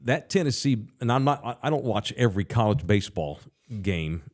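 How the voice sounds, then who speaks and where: A man's voice: on the low side, lively intonation, fairly quick, darkish tone. Middle-aged man, podcast co-host, rambling profane sports talk. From Texas. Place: bar studio.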